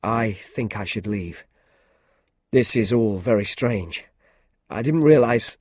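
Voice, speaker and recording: A man's voice: on the low side, animated, slow pace, a little mellow, no echo. Male reader doing a shy young man, hesitant, apologetic, dry close sound. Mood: awkward.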